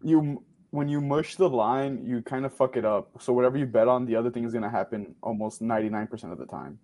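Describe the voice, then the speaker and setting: A man co-hosts a sports podcast in a mellow, dark voice. He makes fun of himself and explains things plainly. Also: medium pitch, fast talker. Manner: self-mocking, explaining. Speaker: podcast co-host. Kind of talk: casual sports betting chat.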